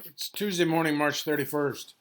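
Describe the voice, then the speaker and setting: A man in his sixties with a gravelly voice, pitched a little high but held flat with little rise and fall. He hurries through an informal history overview, filling gaps with ums and restarting sentences as he goes. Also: a little slow. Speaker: history presenter.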